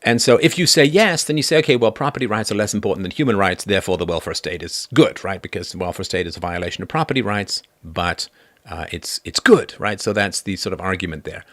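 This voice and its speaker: Man, lowish voice, dry close sound, animated casual monologue, argumentative. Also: fast talker, dry recording. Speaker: livestream host.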